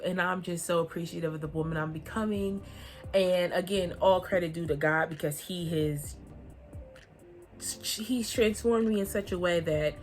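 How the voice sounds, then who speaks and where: A young woman talks straight to her viewers in a casual, reflective vlog. Her voice sits a little low, and she comes across as heartfelt and chatty, with easy laughter running through her talk. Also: a bit bright. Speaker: vlogger.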